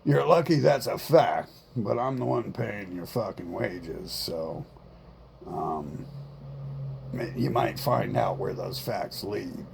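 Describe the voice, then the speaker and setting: A man's voice: lowish voice, animated, slow, gravelly, background noise. A man in a casual vlog monologue, rambling and repeating himself, swearing often and defiant in tone. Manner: rambling, repetitive, profane, defiant. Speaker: vlogger.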